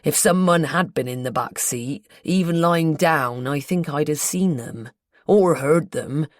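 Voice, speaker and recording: A woman voicing an earnest, guarded local man with a North Devon accent, in a slow, confiding, colloquial way, for an audiobook. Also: low voice, no room sound, studio quality. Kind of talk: audiobook character voice.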